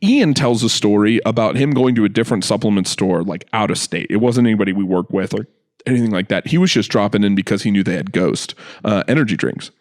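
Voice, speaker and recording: A man co-hosting a podcast in casual chat, an animated storyteller who acts out the people he describes. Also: lowish voice, fast. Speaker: podcast co-host.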